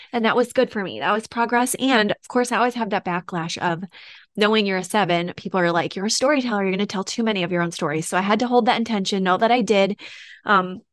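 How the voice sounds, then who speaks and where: A woman's voice: mid-range voice, no echo, studio quality. Chatty earnest woman podcast host. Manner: chatty, earnest, laughs and gets a little emotional. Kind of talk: casual solo podcast talk.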